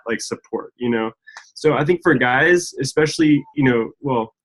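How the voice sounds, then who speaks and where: A man guest on a video call, talking in a relaxed, earnest way with many fillers like "like" and "you know". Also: medium pitch, rough recording. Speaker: guest, husband of a distributor. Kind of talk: casual video call interview.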